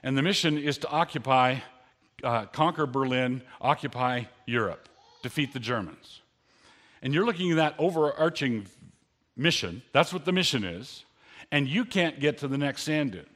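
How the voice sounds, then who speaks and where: A man's voice: medium pitch, lively intonation, normal speed, a bit bright. A man preaching a sermon in an earnest, conversational way, lifting his voice on key lines.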